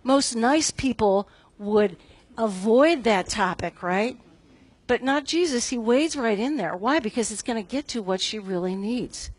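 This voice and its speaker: A middle-aged woman speaks unhurriedly in a fairly high, husky voice with lively intonation, giving a casual devotional at a Bible study. She talks conversationally, pokes fun at herself, and often checks in with "right?". The recording has no room sound.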